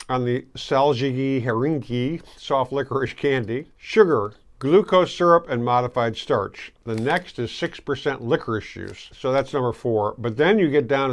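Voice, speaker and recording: A Michigan man with a medium-pitched voice hosts a casual candy tasting video, chatting and chewing as he reviews each piece. There's slight background noise.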